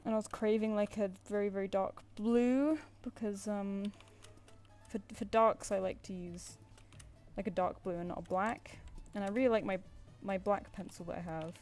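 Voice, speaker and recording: A woman's voice: medium pitch, steady tone, moderate pace, darkish tone. Woman, Southern English accent, casual stream chat, rambling, faint background music. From England. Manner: rambling, chatty, restarts often. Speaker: streamer and artist. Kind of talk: casual chat while drawing. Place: home flat with a cat.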